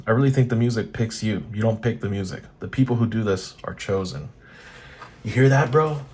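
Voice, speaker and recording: A man's voice: fairly low pitch, a little fast, a little mellow. A man hosting a guitar channel, reading old magazines aloud in casual commentary, blunt and profane, laughing often.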